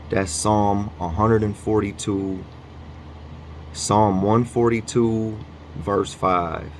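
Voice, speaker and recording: A man with a lowish voice talks slowly, rambling and restarting his sentences as he tells a story. He also reads a devotional aloud in an unhurried way. A faint hum of air conditioning sits behind him indoors. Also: fairly even intonation. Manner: rambling, halting, fillers and restarts. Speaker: vlogger. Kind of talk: casual storytelling.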